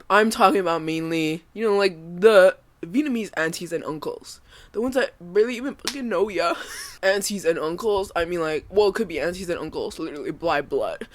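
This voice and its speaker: A woman's voice: on the low side, animated, normal speed. A woman in her twenties from Canada, telling a story in casual vlog chat, emotional, laughing often and swearing freely. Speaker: vlogger.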